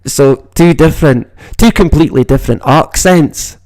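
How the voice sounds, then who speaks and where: A man's somewhat high, darkish voice moves at a moderate pace with no echo. He's a livestream host from Moray in northeast Scotland, chatting casually, rambling, and cursing all the time.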